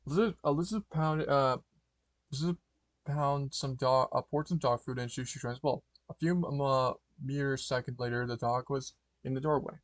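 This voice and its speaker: A man's voice: mid-range voice, steady tone, moderate pace, dry recording. A man reads a fan-written story aloud in an ordinary mid-range voice. The sound is close and dry. He trips over words, backs up and corrects himself constantly. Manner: stumbling, frequent restarts and fillers. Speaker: fanfiction reader.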